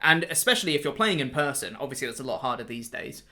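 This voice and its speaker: A man hosting a casual podcast chat and talking enthusiastically in quick bursts. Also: mid-range voice, big pitch swings, pushed and bright. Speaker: podcast host and game master.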